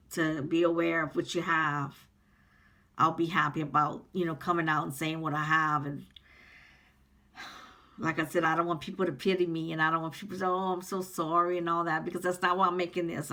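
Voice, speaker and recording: A woman talks earnestly to her viewers in a personal vlog, rambling and heartfelt, with many pauses and ums. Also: low voice, pushed and bright. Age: 50s. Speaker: vlogger. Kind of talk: personal vlog talking to camera.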